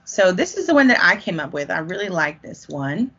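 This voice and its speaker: A woman's voice: lowish voice, big pitch swings, fairly quick, a bit bright, breathy edge, lo-fi sound. A woman teaching an online music lesson to children, speaking patiently and encouragingly and modeling rhythm syllables.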